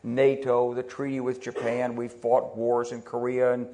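A man's voice: medium pitch, measured pace, a little hiss or hum. An older American man, a retired army officer, giving a conversational public talk full of anecdotes, restarting and repeating words as he goes. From United States. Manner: conversational, repeats words when restarting, quotes people in lively put-on voices.

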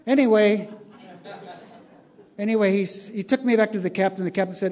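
A man's voice: high-pitched, fairly quick, long pauses, a little mellow. Older man telling a wry story. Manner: wry, chuckling, acts out dialogue. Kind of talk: anecdotal storytelling to an audience.

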